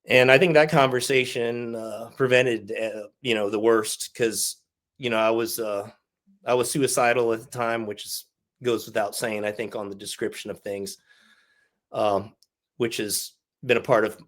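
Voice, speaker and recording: A man in his forties, an army veteran, speaks as a guest in a candid interview. He talks bluntly and swears freely, laughing through the hard parts of his story. His voice sits at a middle pitch. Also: fairly even intonation, moderate pace, a bit bright. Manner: frank and profane, laughs through hard stories.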